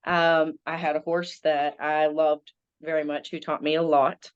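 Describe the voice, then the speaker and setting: A woman's voice: low-pitched, flat delivery, measured pace, clean tone, no echo, muffled recording. A woman in her thirties with a Southern American accent, chatting as a veterinarian guest with many ums. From Southern United States. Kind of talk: casual interview.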